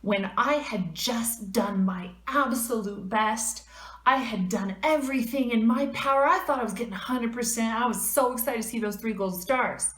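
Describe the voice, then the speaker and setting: A woman fitness vlogger telling a personal story to her viewers in a casual, animated and emphatic way. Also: a little high, moderate pace, roomy sound.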